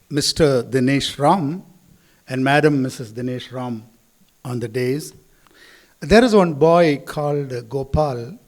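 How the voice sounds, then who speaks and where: A man, a school chairman giving a speech at a school event in a hall, telling stories and acting out the quotes. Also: medium pitch.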